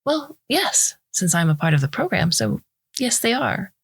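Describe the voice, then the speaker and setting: A woman's voice: medium pitch, big pitch swings, moderate pace, vocal fry, slightly rough, no room sound, clean studio sound, pitched above the performer's own voice, exaggerated voice. A woman reading a story, voicing a friendly young woman in a virtual exercise class who answers in a cheerful, breezy, matter-of-fact way.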